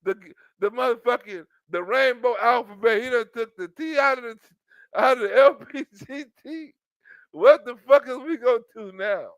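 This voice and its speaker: A man's voice: very high voice, moderate pace, fairly bright tone, smooth, no room sound. A man in a casual, profane commentary rant, rambling, laughing often and repeating his fillers. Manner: laughs often, rambling, repeats "you know what I'm saying". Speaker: commentary vlogger.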